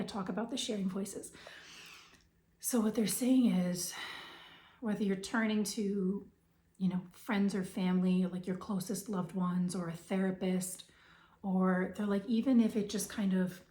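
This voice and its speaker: A woman with a hoarse voice giving a spiritual reading, hesitant and full of fillers, sometimes dropping to a whisper. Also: medium pitch, mellow, roomy sound. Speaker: intuitive reader.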